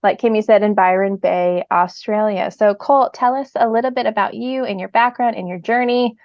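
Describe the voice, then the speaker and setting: A woman's voice: medium pitch, moderate pace, dry recording. Brief: enthusiastic woman co-host, lo-fi dry recording. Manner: bubbly, laughing, enthusiastic. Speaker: podcast co-host. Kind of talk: casual podcast chat. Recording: dry, dull lo-fi sound.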